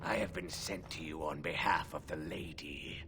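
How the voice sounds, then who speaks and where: An actor playing a solemn, guarded male werewolf gatekeeper in a video game, speaking formally in a gravelly whispered snarl. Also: extremely low pitch, steady tone, music in the background. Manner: formal, measured speech.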